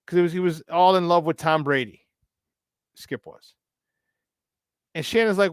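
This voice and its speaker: A slightly high-voiced man holding forth as a sports talk host. He rambles in a casual monologue, hammering his points by saying them twice. The sound is dry and close. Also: animated, normal speed, pauses often, no echo. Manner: repetitive, emphatic, preachy asides.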